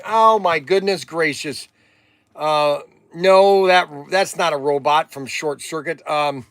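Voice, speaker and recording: A man's voice: a little high, a bit bright, dry recording. An older man hosting a livestream, rambling and exasperated, sighing while he chats. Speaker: livestream host.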